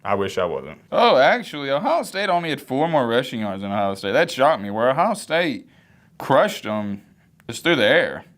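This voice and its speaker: A young man with a cold giving casual, low-energy sports commentary to camera, sometimes moving away from the mic. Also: big pitch swings, normal speed, fairly bright tone. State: sick, congested. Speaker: sports reaction YouTuber.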